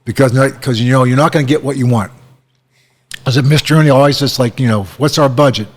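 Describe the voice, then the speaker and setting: A man in his sixties, a guest at a bar, chatting casually and telling animated stories. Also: mid-range voice, fast. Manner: animated storyteller, acts out quotes. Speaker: guest, former head coach.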